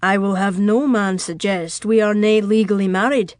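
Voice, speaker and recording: A woman voicing a proud, intense Scottish nobleman who speaks low with a thick burr in an audiobook. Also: steady tone, dry recording, clean studio sound, close to an everyday voice. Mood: stern. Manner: low and measured, softly insistent. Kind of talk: audiobook character voice.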